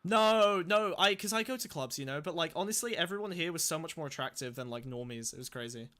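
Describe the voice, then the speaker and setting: Young male podcast host, high and bright, loose and profane, rambling storyteller. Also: fast talker. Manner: rambling, profane, laughs through anecdotes. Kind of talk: casual chat.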